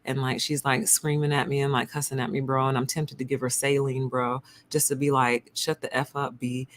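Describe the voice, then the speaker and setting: A woman's voice: rumbling low, flat delivery, normal speed, slight background noise, voice pushed down. A woman voicing a callous young male anesthesiologist who sneers at his patients and talks like a bro. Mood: scornful bro-talk. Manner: sneering, dismissive.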